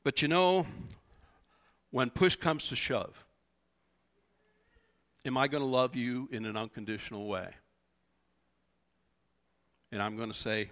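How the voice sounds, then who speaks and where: Pastor, male: slow, bright delivery, conversational sermon with lots of asking back. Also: medium pitch. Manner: animated, conversational preaching with rhetorical questions. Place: church.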